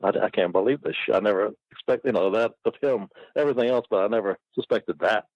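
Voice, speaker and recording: Man, gravelly low voice, rambling profane storytelling, dull lo-fi sound. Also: quick pace, darkish tone, no room sound. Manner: rambling, profane, laughs often. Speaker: guest. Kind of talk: casual storytelling. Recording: dull lo-fi recording.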